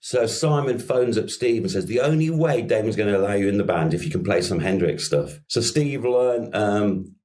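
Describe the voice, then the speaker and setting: A man's voice: lowish voice, moderate pace, hardly any pauses, a little mellow. A middle-aged man from Merseyside with a Scouse accent, a musician guest in a podcast interview, rambling through anecdotes with laughs and casual swearing. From Merseyside, England.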